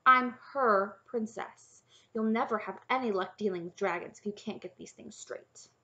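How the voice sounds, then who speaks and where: A woman's voice: mid-range voice, fairly quick, highs cut off, natural voice. A woman narrator voicing a young princess who speaks firmly and matter-of-factly. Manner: firm and matter-of-fact. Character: young princess, firm, practical, unconventional.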